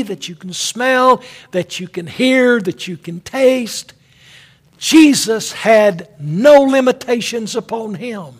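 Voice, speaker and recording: Brief: male preacher, husky and high, slow emphatic sermon delivery. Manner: dramatic, emphatic, addressing listeners as friend.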